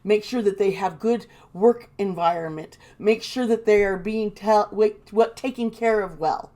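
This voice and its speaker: A woman's voice: mid-range voice, measured pace, warm tone. A woman giving casual, indignant commentary, swearing and mocking the people she quotes. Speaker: tarot reader and commentator.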